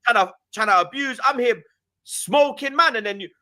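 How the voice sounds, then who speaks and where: A young man with a London accent tells an animated story, full of slang, acting out the voices of the people in it. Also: extremely high pitch, moderate pace. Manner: lively, slang-heavy, acts out quoted voices. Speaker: guest.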